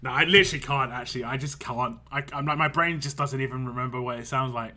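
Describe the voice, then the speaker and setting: Bright-voiced man chatting on stream. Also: medium pitch, fast, soft background music. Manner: rambling, chatty, laughs a lot. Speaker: game streamer. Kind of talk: casual live-stream chat.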